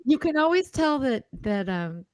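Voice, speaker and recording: A woman's voice: high-pitched, sing-song, normal speed, no room sound. A woman from the northern US, a chatty, self-mocking panelist on a livestream video call. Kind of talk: casual livestream panel chat.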